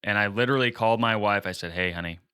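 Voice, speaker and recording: A man with a fairly low voice, recorded dry with no room sound. He co-hosts a casual podcast and tells a story with animation, playing out each quoted line. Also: fast talker, clean tone, dry recording. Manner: animated retelling, acting out quoted dialogue. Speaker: podcast co-host.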